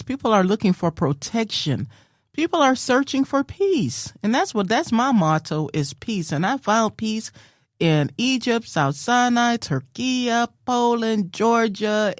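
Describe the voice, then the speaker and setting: A woman's voice: medium pitch, no echo, clean studio sound. A middle-aged woman hosting a radio show, talking casually and emphatically, often repeating herself like a preacher. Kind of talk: casual spoken monologue.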